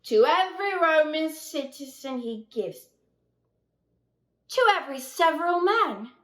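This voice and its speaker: A woman playing Mark Antony, delivering a Shakespearean speech slowly and with declamatory weight. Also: high voice, fairly bright tone, full character voice. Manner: measured, declamatory. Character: Mark Antony, Roman man stirring a crowd. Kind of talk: Shakespearean stage oratory. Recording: echoey room with faint music.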